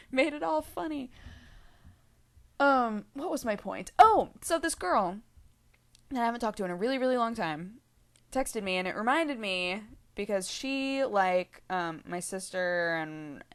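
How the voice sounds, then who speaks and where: A woman's voice: fairly high pitch, lively intonation, measured pace. A young woman telling a rambling story to her vlog viewers, full of fillers, asides and giggles. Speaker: vlogger.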